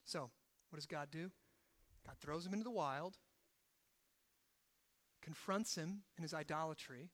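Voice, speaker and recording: A man preaching a sermon. He swings from hushed, low emphasis to loud, rising exhortation and keeps checking in with "right?". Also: measured pace, pauses often. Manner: asks the congregation rhetorical questions, often adding "right?". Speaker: pastor.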